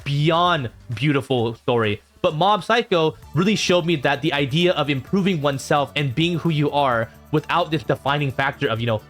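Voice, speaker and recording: A man reacting to viewer comments in a casual vlog, reading them out and answering with animated exasperation. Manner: animated, jumps in pitch when exasperated.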